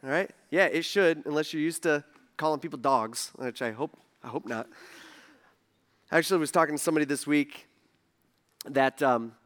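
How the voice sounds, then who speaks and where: A man's voice: on the high side, normal speed, long pauses, a bit bright. A man preaching a casual sermon in a conversational way, full of asides and rhetorical questions. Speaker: pastor.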